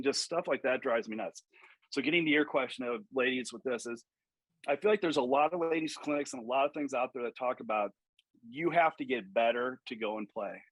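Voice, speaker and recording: A man with a slightly husky voice speaks as a golf coach on a podcast. He tells stories with energy, acts out the people he quotes and swears freely. The sound is dry and close. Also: medium pitch, brisk, no echo, poor audio. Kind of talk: podcast interview.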